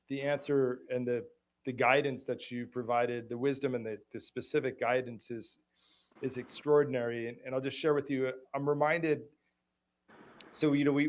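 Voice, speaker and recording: A middle-aged man hosting a personal conversation, speaking haltingly with many restarts. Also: medium pitch. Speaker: host.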